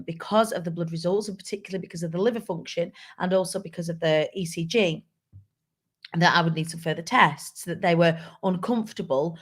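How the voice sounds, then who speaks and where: A woman hosting a live show, talking candidly and chattily to viewers and reading out their comments. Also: lowish voice. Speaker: live show host and speaker. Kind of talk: casual live-stream talk.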